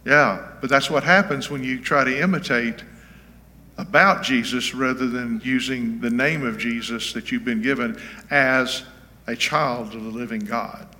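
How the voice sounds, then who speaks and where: A man's voice: mid-range voice, steady tone, measured pace, bright, forceful tone. A man in his seventies, a pastor giving an informal, folksy teaching sermon and often checking in with his listeners. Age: 70s. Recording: reverberant hall.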